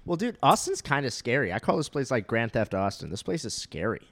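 Young man, casual banter, lively intonation, dry close sound. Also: mid-range voice, fairly quick, no echo. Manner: laid-back, joking, laughs often. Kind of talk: casual chat.

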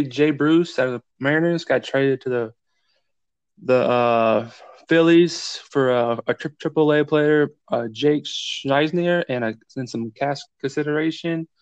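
A man giving fantasy baseball news on a podcast, speaking haltingly with lots of fillers. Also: a little high, clear, resonant tone, no echo. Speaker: podcast guest analyst. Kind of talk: casual podcast chat. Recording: dull, dry lo-fi sound.

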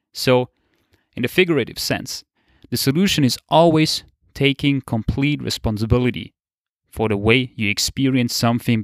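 A man's voice: mid-range voice, dry recording, studio quality. A young man giving a casual motivational monologue, laid-back, swearing casually and laughing often. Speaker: motivational podcaster.

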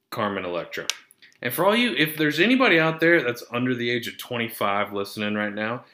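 Male podcast host, rambling and foul-mouthed, bright forceful tone, roomy echoey sound. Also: fairly low pitch. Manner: profane, rambling, easily sidetracked. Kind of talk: casual rambling monologue. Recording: roomy echo.

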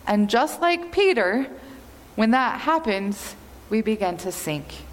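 A woman pastor giving an earnest, measured sermon in a church. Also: fairly high pitch, big pitch swings. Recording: long hall reverb.

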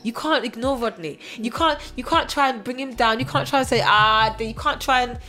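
A middle-aged woman from England speaks fast in a loose, chatty interview. She tells stories with lively bursts and quick restarts, and faint music plays underneath. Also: a little high. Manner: fast, animated storytelling with frequent laughs and restarts. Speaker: singer, interview guest. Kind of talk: casual interview chat.

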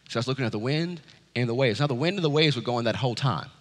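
A man preaching a sermon as pastor, swinging from loud urgent calls to low quiet asides. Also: expressive, fast talker, long reverb tail. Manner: preaching with wide swings from loud high urging to low hush.

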